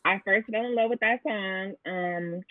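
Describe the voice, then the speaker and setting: A woman's voice: medium pitch, measured pace, no room sound, narrow, tinny audio. A woman with an Atlanta accent chatting playfully with friends and laughing easily. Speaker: podcast guest. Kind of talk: casual chat.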